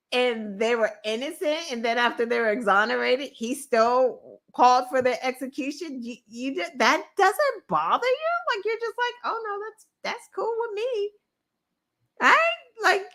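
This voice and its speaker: High, bright, animated woman ranting. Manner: animated, incredulous, profane, laughing asides. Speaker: podcast host. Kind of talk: casual political commentary.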